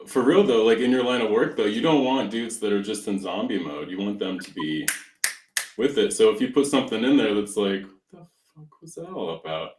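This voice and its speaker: Reflective podcast co-host, man, lowish voice, echoey room, philosophical. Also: animated, a little fast, a little mellow, far from the mic. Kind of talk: casual chat. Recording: roomy echo.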